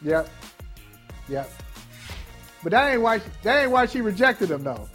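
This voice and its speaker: A man's voice: sits high, big pitch swings, measured pace, loud music behind the voice. A man hosting a sports talk show, reacting with laughs and steering the segments in a casual way.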